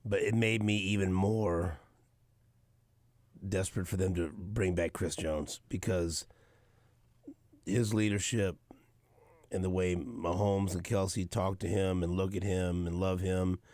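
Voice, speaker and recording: This sports radio host has a deep voice and speaks slowly, leaving long pauses, on a dry recording. He tells stories casually and acts out players' quotes with animation.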